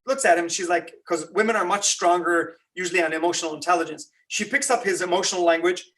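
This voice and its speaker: During a Ramadan lecture, a religious lecturer gives a lively, conversational talk and keeps firing rhetorical questions at the room. His voice is on the higher side for a man, he speaks quickly, and he sounds off-mic, as though standing well back from it.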